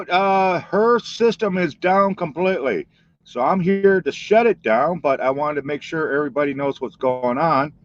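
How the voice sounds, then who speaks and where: A man talking casually on a live stream, filling in for the host in a rambling, chatty way. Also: a little high. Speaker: stand-in streamer. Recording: dull lo-fi dry stream audio.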